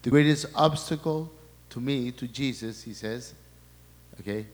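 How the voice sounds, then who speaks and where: A male priest gives a sermon talk in a large hall, his middle-pitched voice trailing off in a long reverb. He stops and restarts often and repeats words as he passes along quoted messages to the listeners. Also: unhurried.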